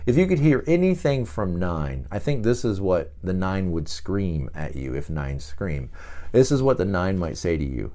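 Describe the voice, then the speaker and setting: A man's voice: deep voice, very animated, a little slow, a little mellow. A man who is a pastor, giving a casual, conversational teaching talk on his podcast with frequent restarts and asides.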